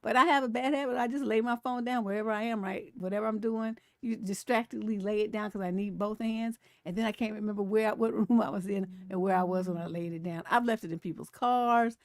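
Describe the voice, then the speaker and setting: A woman's voice: medium pitch, a little fast, hardly any pauses, no room sound, clean studio sound. A woman over forty hosting a live stream, chatting casually about memes and posts and laughing often. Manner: chatty and animated, laughs often, reads comments aloud. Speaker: relationship coach and live-stream host.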